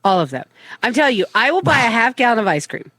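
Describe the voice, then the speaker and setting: Animated middle-aged woman co-host, lively. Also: fairly high pitch, fast talker. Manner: animated storytelling, frequent swearing. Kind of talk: casual chat.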